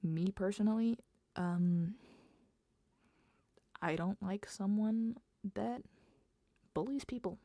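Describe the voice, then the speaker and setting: A woman's voice: medium pitch, takes it slowly, long pauses, mellow, no room sound. A young woman streaming as she writes, talking in a casual, rambling way and often half-whispering her thoughts. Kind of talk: casual livestream chat while writing.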